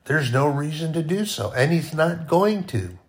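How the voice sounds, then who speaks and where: A man giving an informal, conversational sermon, often dropping to a quiet voice. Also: on the high side, big pitch swings, measured pace. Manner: conversational, with sudden soft drops to near-quiet. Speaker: preacher.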